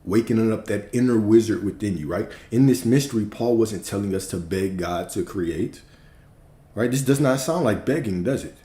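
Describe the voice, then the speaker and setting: A man's voice: fairly low pitch, moderate pace, mellow, roomy sound. A man teaching on a livestream in an emphatic, preacherly manner, repeating key phrases and swearing casually. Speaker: spiritual teacher.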